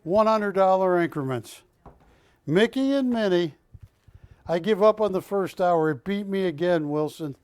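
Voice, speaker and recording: A high-pitched man works a live shopping-channel auction, chatty and jokey as he calls out bids and counts them down. He talks at an unhurried pace, and the studio sound is close and dry. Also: animated, a little mellow, clean tone, dry recording. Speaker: auction host.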